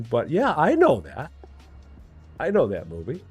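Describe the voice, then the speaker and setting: A man in his forties streaming a game live, chatting with viewers in a lively, joking way at a desk mic. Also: medium pitch, measured pace, breathy edge, faint music behind. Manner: lively, talking to chat, jokingly challenging; hums and scats while working. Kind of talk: live gameplay chat.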